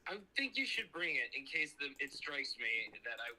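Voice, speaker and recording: Hesitant man with a bright, sharp voice. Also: fairly high pitch, very animated, moderate pace, poor audio. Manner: hesitant, stumbling. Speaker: phone-in guest. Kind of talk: casual phone chat.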